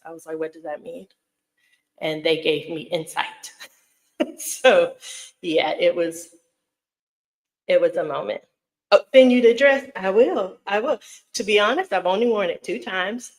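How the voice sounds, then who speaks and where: A woman's voice: fairly low pitch, low-quality recording. A middle-aged woman chatting casually on a live stream, effusive and rambling, greeting viewers by name and laughing often. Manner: rambling with many fillers and restarts. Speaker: vlogger hosting a live Q&A.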